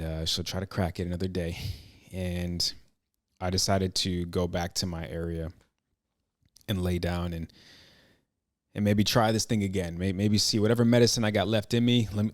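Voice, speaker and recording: A man hosting a podcast, telling a personal story in an earnest, reflective way, halting and restarting his sentences. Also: low-pitched, steady tone, no room sound, studio quality. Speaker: podcast host.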